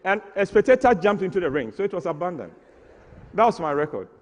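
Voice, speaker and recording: A man's voice: high-pitched, big pitch swings, quick pace, darkish tone, long reverb tail. A man tells a comic story on stage, acting out the scenes with mock drama. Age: 60s. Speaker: stage performer.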